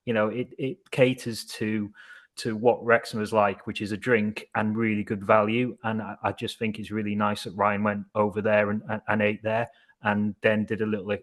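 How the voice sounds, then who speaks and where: A man's voice: fairly low pitch, little pitch movement, moderate pace. A man, co-hosting a casual podcast chat in a chatty way and swearing now and then. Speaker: podcast co-host.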